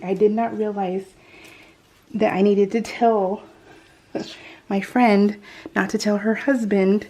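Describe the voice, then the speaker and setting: A woman's voice: mid-range voice, level tone, measured pace, vocal fry, pauses often, a little mellow. A middle-aged woman telling a family story over a crafting video, chatty and laughing often, with many restarts. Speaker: scrapbooking vlogger.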